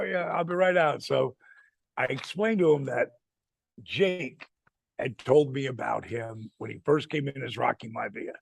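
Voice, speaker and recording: A man's voice: mid-range voice, creaky, a little mellow, husky, dry recording. A man in his sixties telling a wrestling-road story in a casual chat, acting out the people he quotes and swearing freely. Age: 60s. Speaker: retired wrestler telling stories.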